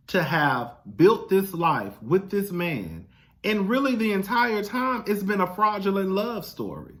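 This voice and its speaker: A man's voice: sits high, big pitch swings, unhurried, a bit bright. A man talking in a casual monologue, blunt, profane and emphatic, who keeps addressing his listener as "girl". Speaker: vlogger.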